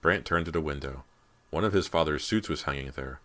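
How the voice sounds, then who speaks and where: A man reading a teen horror novel as audiobook narrator, in a steady, measured way. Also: extremely low pitch. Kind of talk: scripted narration.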